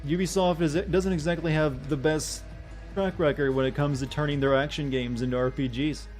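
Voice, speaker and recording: A young male streamer talks over his gameplay in a sarcastic, mocking tone. His voice sits a little high, and faint music plays underneath. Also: steady tone, normal speed, a little mellow. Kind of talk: gameplay commentary.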